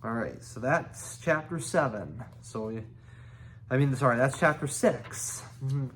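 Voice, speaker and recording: A man slowly reading a children's novel aloud, halting and correcting himself now and then. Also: medium pitch, fairly bright tone, slight background noise. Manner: slow, halting reading with restarts. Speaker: reader.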